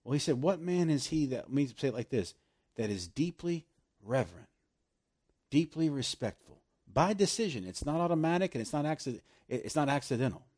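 A man preaching a sermon, animated and laughing often, slowing right down to stress scripture. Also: fairly high pitch.

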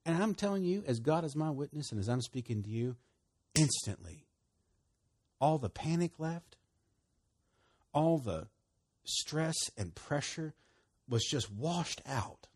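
Middle-aged man, preacher giving testimony, lively sing-song delivery, husky. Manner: animated storytelling, voice leaping higher when excited. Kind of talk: sermon testimony.

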